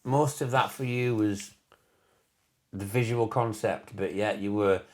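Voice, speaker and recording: A man's voice: lowish voice, measured pace, a crowd in the background. A man co-hosting a casual podcast chat over beer in a shed, throwing in teasing, jokey remarks. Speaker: podcast co-host. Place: garden shed.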